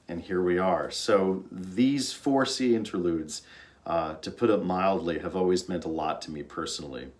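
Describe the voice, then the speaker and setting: A man, an orchestra conductor, giving an earnest informal talk about music, storytelling with fillers and restarts. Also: low voice.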